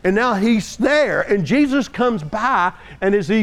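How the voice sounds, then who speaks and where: A man preaching a sermon, swinging from hushed storytelling to loud shouting and often repeating and restarting his words. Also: high voice, expressive, unhurried.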